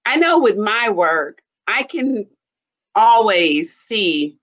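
A woman hosting an interview, asking questions haltingly and searching for the right words. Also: mid-range voice, very animated. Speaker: interview host. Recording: dull lo-fi sound.

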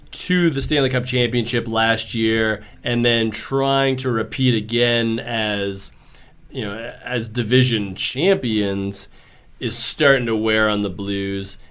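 A man co-hosting a sports podcast, giving measured takes in a relaxed, conversational way. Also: on the low side, clean tone. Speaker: podcast co-host. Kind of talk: casual sports talk.

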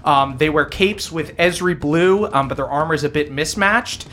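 A man's voice: a little high, normal speed, slight background noise. Laid-back male game master narrating. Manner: relaxed, filler-heavy, laughing narration.

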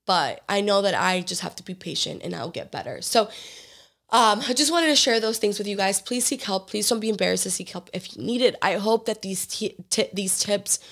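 A woman with a raspy, hoarse voice worn down by illness hosts her own podcast. She speaks earnestly and openly in a loose, chatty way, leaning on casual fillers as she talks straight to her listeners. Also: medium pitch, a little fast, a bit bright. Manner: earnest and open, lots of "like" fillers. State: hoarse from being sick. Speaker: podcast host. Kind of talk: casual solo podcast talk.

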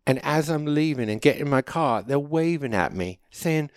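A man's voice: on the high side, lively intonation, moderate pace, few pauses, clear, resonant tone, no room sound, clean studio sound. Rambling, profane storytelling man. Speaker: host. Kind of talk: casual storytelling monologue.

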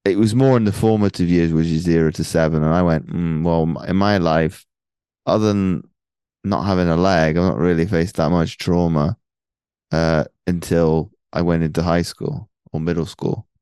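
Deep-voiced man, rambling host. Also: steady tone, moderate pace, warm tone, clear, resonant tone, dry recording. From North Wales. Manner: rambling, hesitant, many restarts. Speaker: podcast host. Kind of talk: casual interview.

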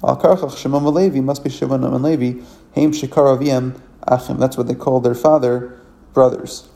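A man with a gravelly, dark-toned voice teaches a religious text. He reads each verse aloud, then translates it phrase by phrase. His delivery is halting, with frequent fillers and self-corrections. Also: mid-range voice, fairly even intonation. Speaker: Torah teacher.

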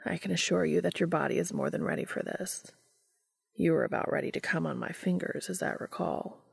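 A woman doing a hushed, tender male lover. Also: brisk, gravelly, slightly rough, full character voice. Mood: reassuring. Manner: low, hushed, intimate murmur.

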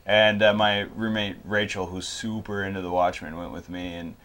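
A man's voice: sits low, moderate pace. A young man chatting casually as a guest, telling a story with lots of fillers. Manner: relaxed, filler-heavy storytelling. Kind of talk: casual chat.

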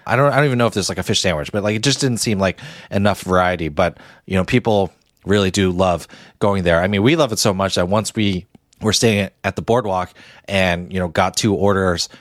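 A man's voice: deep voice, fairly quick, no room sound, clean studio sound. A middle-aged man co-hosting a podcast, chatting casually with fillers and self-deprecating asides. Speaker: podcast co-host. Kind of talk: casual chat.

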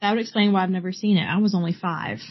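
A woman's voice: medium pitch, very fast, dry recording, highs cut off. A woman in her thirties co-hosting a podcast, telling stories in casual chat while watching a film. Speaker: podcast co-host. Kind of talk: casual chat during a movie watch-along.

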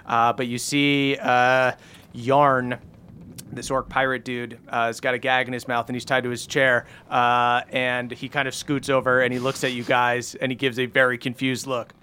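Bright-voiced male game master. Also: medium pitch, little pitch movement, normal speed, a little hiss or hum. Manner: descriptive, laid-back, frequent "uh". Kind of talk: narrating a tabletop game.

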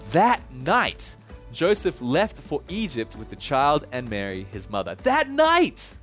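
Excitable guy preaching, casual and storytelling, voice goes up and down a lot. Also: mid-range voice, measured pace, faint music behind. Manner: lively, enthusiastic, casual storytelling. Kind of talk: conversational sermon.

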